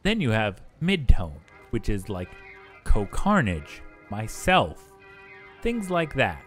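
A man's voice: on the low side, huge pitch swings, takes it slowly, fairly bright tone, faint music behind. A young man chatting casually and bluntly with profanity while streaming a game. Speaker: gaming streamer. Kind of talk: casual chat while gaming.

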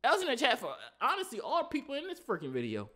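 Reaction host man, high lively voice, slangy, mocking, casual, repeats his catchphrase. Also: fast, slight background noise. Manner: slangy, animated, mocking, repeats "you know what I'm saying".

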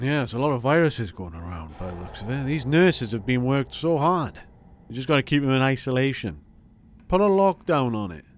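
A man giving gameplay commentary as a let's play host; he is excitable and jokey and swears a lot. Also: medium pitch, slight background noise.

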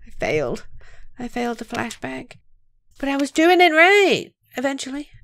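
A young woman hosting a horror game let's play, joking and swearing, swinging between loud outbursts and whispers. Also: sits high, expressive, moderate pace, vocal fry. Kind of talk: gameplay commentary.

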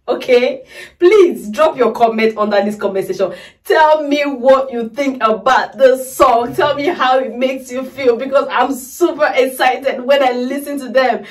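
A woman's voice: on the high side, far from the mic. A woman hosting a music reaction video, tearful and overwhelmed, gushing and repeating her exclamations to her viewers. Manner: effusive, repeats exclamations, keeps calling viewers "guys". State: tearful, crying. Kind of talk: emotional reaction vlog.

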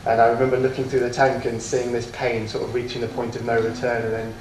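A man gives a talk in a lecture room, heard from some way off the mic with an echoey room around him. His delivery is halting and self-deprecating, full of ums and false starts. A faint hiss sits under the voice. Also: medium pitch, completely flat delivery, darkish tone, recorded from a distance. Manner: hesitant, many ums and restarts, self-deprecating. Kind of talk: autobiographical lecture.

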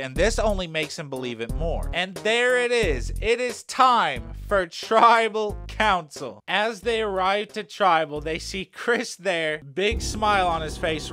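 A man's voice: on the high side, pushed and bright. A young man casually narrating a story in slang, with swearing. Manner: slangy, profane, laid-back.

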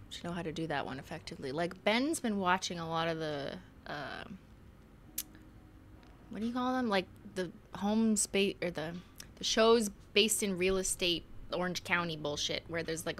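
Bright-voiced woman streamer chatting. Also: fairly low pitch, a little hiss or hum. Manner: chatty, swears freely, giggles, drops into mock voices. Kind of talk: casual live gameplay commentary.

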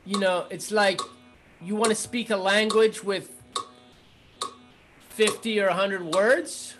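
A man teaching rhythm in a casual music lesson, chanting rhythm syllables between relaxed explanations. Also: high-pitched, slow. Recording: noisy recording with clicks.

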